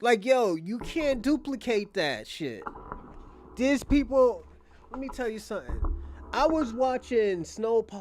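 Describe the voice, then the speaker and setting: A man's voice: extremely high pitch, measured pace, no room sound. A man hosting casual commentary, talking bluntly with profanity. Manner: blunt, profane, animated storytelling. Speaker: host.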